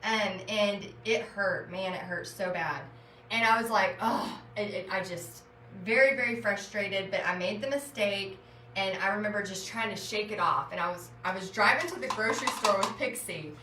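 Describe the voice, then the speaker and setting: A woman's voice: mid-range voice, normal speed, distant mic, slight background noise. A woman, chatting animatedly as she tells a story while painting. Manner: chatty, animated, retells scenes with rising exclaiming voice. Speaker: art vlogger and former teacher. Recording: echoey room, voice a bit off-mic.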